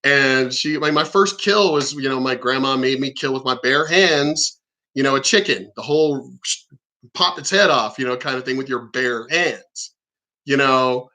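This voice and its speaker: A man's voice: medium pitch, moderate pace, bright, forceful tone. A man telling stories and ranting in a blunt, profane, combative monologue. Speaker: vlogger.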